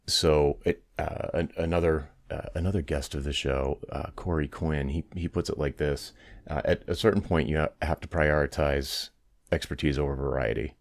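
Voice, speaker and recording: A man hosts a business interview in a loose, chatty way, full of "like" and "uh". His voice is extremely low. The sound is dry and close to the mic. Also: fairly even intonation, moderate pace, vocal fry, dry recording. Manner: casual, many fillers like "like" and "uh". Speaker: podcast host. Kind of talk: conversational interview.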